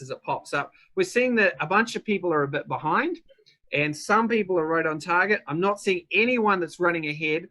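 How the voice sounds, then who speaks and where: Upbeat New Zealand man, bright voice. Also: on the high side. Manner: upbeat, chatty, addresses viewers by name. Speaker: webinar host and business coach. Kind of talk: live webinar teaching.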